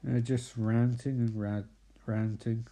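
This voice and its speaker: A man rattles off a casual comedic recap, sardonic and sprinkled with swearing and quick asides. His voice is dark and mellow at a middling pitch. He talks loosely, as if riffing for friends. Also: level tone. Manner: sardonic, profane, fast asides.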